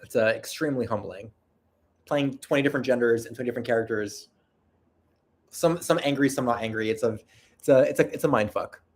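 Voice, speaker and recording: Answering viewers' questions on a relaxed livestream, a video creator with a nasal, mid-range voice speaks fairly quickly. He wanders off topic, mocks himself, restarts often, and laughs a lot.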